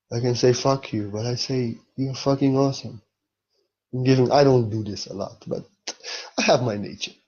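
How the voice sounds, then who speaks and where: A man's voice: mid-range voice, warm tone, lo-fi sound. A man speaking as a spiritual teacher in a blunt, emphatic monologue, with non-native phrasing and frequent swearing.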